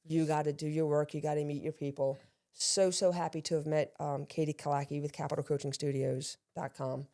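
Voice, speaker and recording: A middle-aged woman from Maryland speaks as an interview guest. Her voice sits low and mellow, and she tells her career stories in a lively, self-deprecating way. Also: a little fast. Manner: lively, self-deprecating storyteller who acts out quotes. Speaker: guest, actor and law enforcement veteran. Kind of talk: casual storytelling interview.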